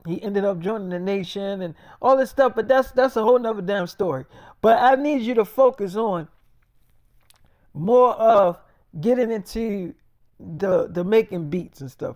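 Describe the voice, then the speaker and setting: A man improvising a profane, boastful, rambling story, often quoting others in a softer, lower voice. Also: no room sound.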